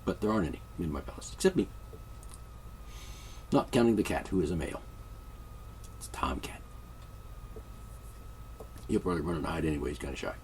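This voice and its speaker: Lower-voiced man rambling mock-royal jokes. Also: animated, brisk, pauses often, a little mellow, slightly rough, distant mic. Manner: mock-royal, joking and meandering. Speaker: vlogger. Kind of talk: rambling comic monologue.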